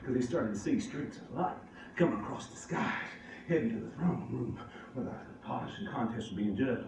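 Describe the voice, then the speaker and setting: A man's voice: mid-range voice, expressive, moderate pace, gravelly, background noise. A man telling a folksy tale live, chuckling often as he goes. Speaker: storyteller. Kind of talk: live storytelling. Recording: echoey hall from far off.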